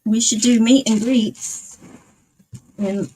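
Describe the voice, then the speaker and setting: A woman's voice: a little high, fairly even intonation, takes it slowly, a little mellow, slight background noise. A woman live streamer chatting casually with her viewers, rambling and often laughing. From outside the United States.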